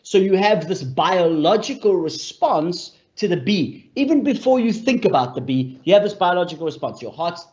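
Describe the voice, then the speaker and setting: A man with a fairly high voice gives an explanatory talk, telling stories with lively energy. He repeats his key points and calls his listeners friends. The recording sounds dull and lo-fi. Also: normal speed, few pauses. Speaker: speaker on mental health for leaders.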